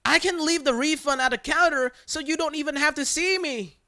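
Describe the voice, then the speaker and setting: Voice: high-pitched, brisk, sharp tone, pitched above the performer's own voice. A storyteller voicing an office worker who fakes crying and begs not to be hurt. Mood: mock pleading. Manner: whimpering, pleading, fake sobbing. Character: fake-crying, begging office worker, mock pleading.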